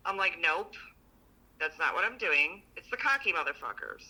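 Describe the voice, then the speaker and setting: Co-host, woman, bright edgy tone, blunt and profane, animated storyteller. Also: fairly low pitch, normal speed, breathy edge, rough recording. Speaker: podcast co-host. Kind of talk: casual chat.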